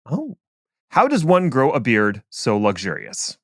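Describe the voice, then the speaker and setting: A man's voice: medium pitch, wildly swooping pitch, a bit bright, no echo, clean studio sound. Playful man hosting a podcast. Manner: jokey, playful, quick to laugh. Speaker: podcast host. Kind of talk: casual podcast chat. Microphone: remote call.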